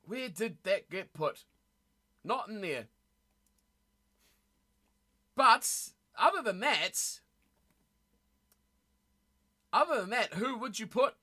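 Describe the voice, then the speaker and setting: A woman's voice: fairly high pitch, lively intonation, measured pace, sharp tone. A woman streamer chatting casually with her live chat, blunt and opinionated, often losing her train of thought.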